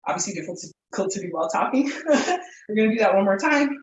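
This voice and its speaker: A woman leading a live workout class, energetic and encouraging, laughing and whooping while out of breath. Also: mid-range voice, racing, far from the mic, slight background noise. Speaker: fitness instructor. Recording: echoey room, voice from off-mic.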